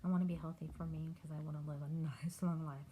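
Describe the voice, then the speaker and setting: A middle-aged woman from Texas, talking candidly and haltingly in a personal video diary. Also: low-pitched, little pitch movement, mellow, slight background noise, rough recording. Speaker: vlogger.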